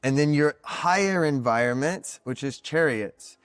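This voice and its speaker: A man with a slightly high, animated voice speaks unhurriedly and smoothly, with no room sound and soft music playing underneath. He's a podcast guest and card reader in a casual conversation, explaining ideas in a reflective, teacherly way and using "like" a lot.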